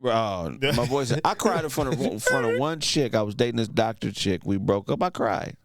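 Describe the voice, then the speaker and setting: A man's voice: medium pitch, expressive, fairly quick, background noise. A man in his thirties hosting a podcast, telling loose, profane stories in casual chat. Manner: loose storyteller, swears, voices his own past lines. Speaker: podcast host.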